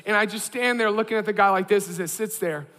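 Bright-voiced pastor in a big hall. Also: male voice, high-pitched, fast. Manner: animated, self-deprecating storyteller. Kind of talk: sermon with humorous storytelling.

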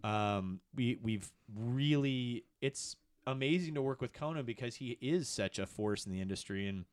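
A middle-aged man and podcast producer in casual chat, telling stories with bursts of excitement that jump high in pitch. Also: normal speed, clear, resonant tone, no echo, studio quality. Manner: excitable storyteller, swings to high animated peaks.

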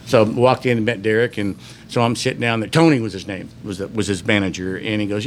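A man from Houston telling stories as a podcast guest, animated and acting out the dialogue. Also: quick pace, a little hiss or hum. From Houston, Texas. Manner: animated storyteller, acts out dialogue with rising pitch. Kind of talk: casual storytelling.

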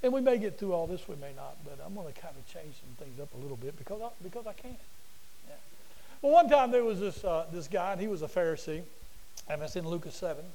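A man preaching a sermon to a class in a folksy, animated storytelling way, often repeating himself. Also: a little high, fast, creaky, low-quality recording. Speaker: preacher and teacher.

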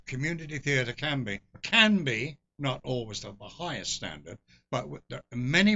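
A man's voice: fairly high pitch, pushed and bright. An older man from England, telling long rambling stories as a guest in a casual interview. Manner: rambling anecdotal storyteller with restarts and laughs. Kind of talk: casual storytelling. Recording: dull lo-fi recording.

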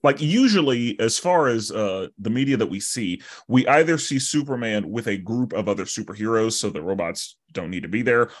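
Lively man hosting a podcast. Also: lowish voice, normal speed, hardly any pauses. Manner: animated, acts out his own reactions. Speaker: podcast host. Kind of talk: casual chat.

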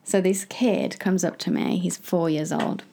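Young woman, gravelly, lowish voice, chatty storyteller who laughs a lot; podcast co-host. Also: steady tone, unhurried, dark tone. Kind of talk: casual chat.

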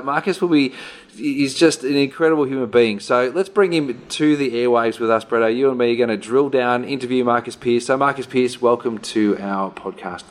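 Rambling podcast co-host. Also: male voice, mid-range voice. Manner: joking, rambling with fillers. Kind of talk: casual podcast banter.

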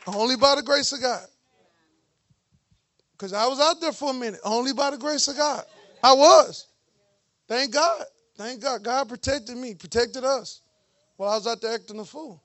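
A man preaching a lively sermon in church, with joking, mocking asides to the congregation. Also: very high-pitched, normal speed, long pauses. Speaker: pastor.

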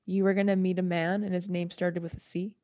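A woman's voice: on the low side, level tone, dark tone. A woman co-hosting a podcast in casual chat, playful and teasing, often calling others honey. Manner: playful, calls people honey, quick laughs. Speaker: podcast co-host.

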